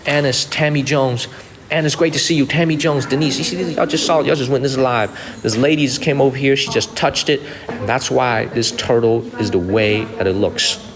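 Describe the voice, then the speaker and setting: A man's voice: medium pitch, normal speed, big-room sound, crowd noise. Chatty man livestreaming a tour outdoors. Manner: chatty, repeats himself, thanks viewers by name. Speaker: livestreaming travel vlogger. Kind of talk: live-stream tour chat. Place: outdoors at a historic mausoleum site.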